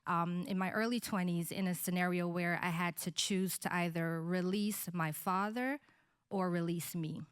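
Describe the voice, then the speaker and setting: A woman's voice: on the low side, fairly even intonation, moderate pace, clear, resonant tone, dry recording, studio quality. A woman in her thirties telling a personal story in a candid, storytelling manner on a podcast. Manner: candid, storytelling, laughs lightly. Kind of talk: personal testimony in conversation.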